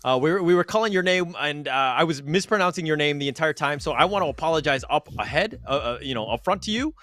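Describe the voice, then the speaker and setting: A man hosting an esports desk, chatting fast and teasing his co-host, with many fillers. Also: fairly high pitch, animated, fairly bright tone. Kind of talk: post-match desk chat. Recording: faint music behind.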